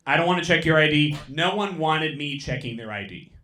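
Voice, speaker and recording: A young man doing stand-up on a comedy club stage, talking into a handheld mic and delivering quick, deadpan punchlines. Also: a little high. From San Francisco. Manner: deadpan, quick punchlines, mock voices for bits.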